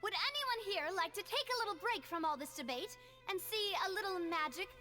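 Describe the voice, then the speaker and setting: A woman's voice: extremely high pitch, lively intonation, brisk, bright, forceful tone, soft background music, exaggerated voice. An actress voicing a confident, playful young woman in a video game, speaking in a coaxing, theatrical way.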